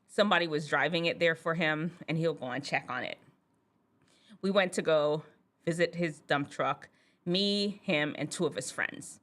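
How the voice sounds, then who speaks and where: A woman physician hosting a show for teens, telling a casual personal story in an animated, chatty way and laughing often. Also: low voice, moderate pace. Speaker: host, physician.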